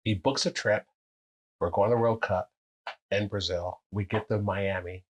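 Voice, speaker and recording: A man telling long, animated stories in casual chat, swearing freely and acting out what others said. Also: normal speed, rough recording. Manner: animated, profane, acts out quotes with big pitch jumps.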